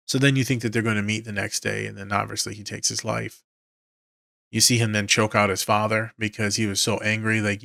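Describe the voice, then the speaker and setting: A man's voice: on the low side, little pitch movement, a little fast, gravelly, pushed and bright, dry recording, clean studio sound. A man hosting a podcast as a therapist, retelling film scenes emotionally with quoted lines and swearing. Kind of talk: casual film breakdown.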